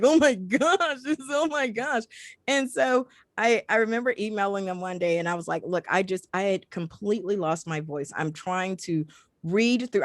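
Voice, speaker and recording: A woman's voice: mid-range voice, dry recording. Effusive woman on a video call. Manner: effusive, emotional, grateful. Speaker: audiobook narrator and podcaster. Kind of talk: casual panel chat.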